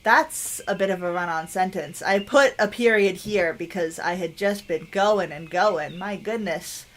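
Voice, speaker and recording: A woman's voice: lowish voice, unhurried, fairly bright tone, a little hiss or hum. A woman giving casual, chatty gameplay commentary, giggly and self-deprecating, reading the on-screen text aloud. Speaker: game streamer.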